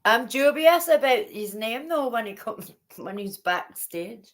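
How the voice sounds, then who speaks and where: A woman's voice: on the high side, expressive, measured pace. A woman hosting a live stream, chatty and giggly, playfully scolding her guests. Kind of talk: casual chat.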